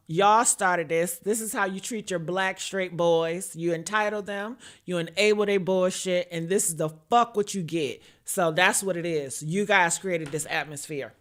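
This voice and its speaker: A woman's voice: medium pitch, sharp tone. A woman giving brash, profane livestream commentary, chatting with her viewers and teasing them by name.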